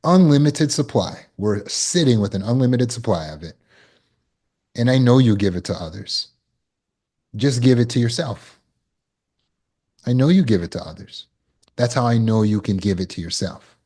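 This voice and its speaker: A man gives a talk to a large audience in a room, his voice sitting at an average pitch. He speaks earnestly, coaxes and repeats himself, then drops to a hushed tone for soothing phrases. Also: animated, normal speed, long pauses. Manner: earnest, repetitive, coaxing, drops to a soft voice when quoting nurturing words. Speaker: trauma recovery speaker. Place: room with an audience of about 160.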